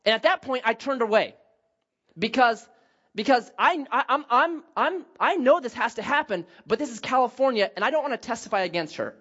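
High animated preacher guy, acts out the story bits, kinda dull recording. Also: normal speed. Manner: animated, acts out scenes with shouted quotes. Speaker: pastor. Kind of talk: sermon with storytelling.

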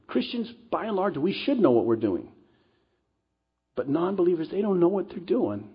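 A man's voice: medium pitch, very animated, brisk, breathy edge. A middle-aged man preaching a sermon as pastor at a church service, earnest and conversational with casual asides. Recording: dull lo-fi recording.

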